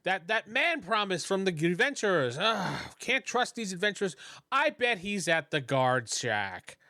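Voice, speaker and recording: A distrustful old woman healer mutters her complaints in a higher, sharp tone, played by a man. She is cranky and quick to suspect everyone around her. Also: sing-song, no echo, clean studio sound, exaggerated voice. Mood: grumbling.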